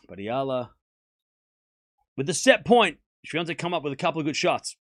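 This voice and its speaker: A man streaming live tennis commentary, calling the points with excitement and chatting and teasing his viewers in between. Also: on the high side, normal speed, pauses often, no echo, studio quality. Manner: excited call-outs of play, then chatty asides to chat; teasing, mock-comforting viewers.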